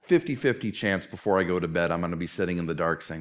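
A man preaching a sermon as pastor, earnest and candid, moving from animated talk to a hushed closing prayer. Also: low-pitched, quick pace, hardly any pauses.

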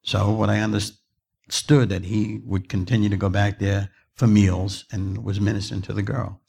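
Male preacher, middle-aged, rough husky voice, storyteller. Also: on the low side, little pitch movement, normal speed, darkish tone. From New Jersey. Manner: storytelling, rising to fervent emphasis. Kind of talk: sermon.

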